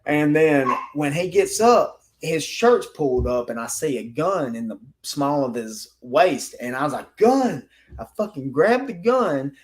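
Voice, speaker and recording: A man's voice: on the high side, big pitch swings, unhurried, few pauses, a little hiss or hum, poor audio. Blunt, profane man telling a story. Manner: rough, informal speech. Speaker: guest telling stories from law enforcement work. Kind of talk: casual podcast conversation.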